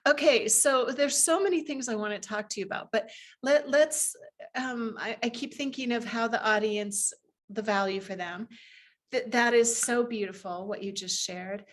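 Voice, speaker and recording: A woman's voice: on the high side, normal speed. A woman hosting a podcast interview, asking rambling, enthusiastic questions. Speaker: podcast host. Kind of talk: casual interview chat.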